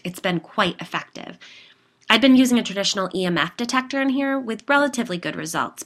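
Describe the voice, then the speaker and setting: An eager, excitable woman neighbor who hunts cryptids, put on by a woman reading aloud. She explains her gadgets in a rush, a touch higher and louder than the narration, with a bright, forceful edge. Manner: eager, conspiratorial, quick when explaining.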